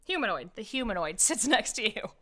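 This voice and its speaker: A woman's voice: mid-range voice, very animated, a little fast, fairly bright tone. A woman narrating as dungeon master in a chatty, hesitant way, often with fillers. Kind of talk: narrating a tabletop game.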